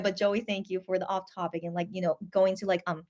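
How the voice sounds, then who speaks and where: A woman's voice: on the low side, little pitch movement, a little fast, hardly any pauses, a little mellow. A woman hosting a casual livestream, chatting in a rambling, gushing way and reading viewer comments aloud. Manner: gushing and easily moved. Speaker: host.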